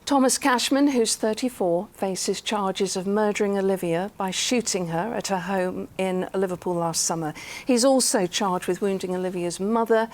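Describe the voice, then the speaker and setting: A woman presenting regional TV news, reading stories in a clear, measured way. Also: medium pitch, darkish tone.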